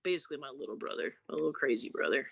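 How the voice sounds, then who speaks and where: A woman's voice: extremely low pitch, lively intonation, racing, creaky, fairly bright tone, slightly rough, no room sound. A woman guest musician chatting casually on a podcast, telling candid, loose stories and mimicking people.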